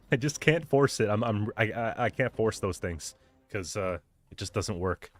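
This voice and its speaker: A man's voice: fairly low pitch, expressive, measured pace, faint music behind. Hyped man streaming and chatting. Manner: hyped, rambling, chatting with viewers while playing. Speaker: game streamer. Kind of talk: casual live-stream chat.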